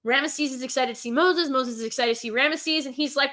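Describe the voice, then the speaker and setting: Gushing, excitable woman, slightly high voice. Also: brisk, few pauses. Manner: gushing, excitable, lots of filler words. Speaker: host reviewing an animated film. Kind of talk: casual chat.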